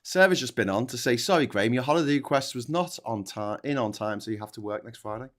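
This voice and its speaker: A man's voice: medium pitch, fast talker. A man in his forties hosting a casual livestream chat, joking and laughing as he tells long jokes. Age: 40s. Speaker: host.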